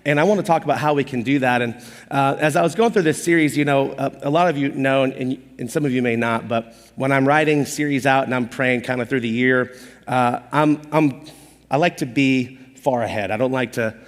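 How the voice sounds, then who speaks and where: A man preaching a sermon as pastor, telling personal stories in an animated, conversational, self-deprecating way. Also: medium pitch, brisk. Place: church auditorium stage. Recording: long hall reverb.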